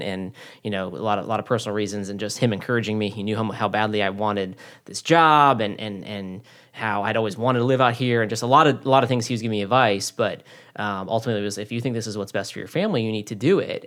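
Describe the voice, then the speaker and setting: A man's voice: fairly low pitch, fairly bright tone. A man from Florida telling personal stories in a casual chat, earnest and often restarting and repeating his words.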